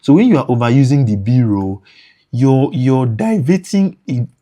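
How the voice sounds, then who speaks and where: A man's voice: medium pitch, animated, moderate pace, mellow. A man teaching motion design for editors in a screen-recorded tutorial, repeating points and thinking aloud as he works.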